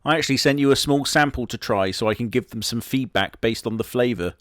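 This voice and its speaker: A smug, boastful immortal wolf, voiced by a man, talks in a flat, matter-of-fact manner with a Southwest English accent. His voice sits mid-range for a man. It is recorded close and dry, with almost no room sound. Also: mid-range voice, fairly quick, no echo, lightly acted. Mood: deadpan. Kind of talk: comedy sketch character monologue.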